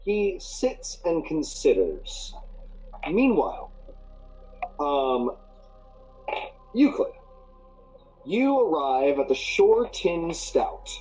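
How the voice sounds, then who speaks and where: A man running a tabletop game over an online call, his narration loose and full of fillers. His voice is mellow and a little high, with faint music in the background. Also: very animated, drawn-out words, long pauses, rough recording. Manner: rambling, many fillers and restarts. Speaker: game master.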